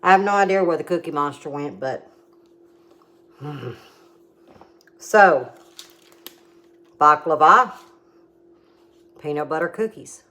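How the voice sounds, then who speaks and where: Slow, low-voiced woman cooking host. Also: sharp tone. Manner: chatty and homey, explains steps patiently. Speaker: home cooking vlogger. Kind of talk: casual cooking demo and tasting.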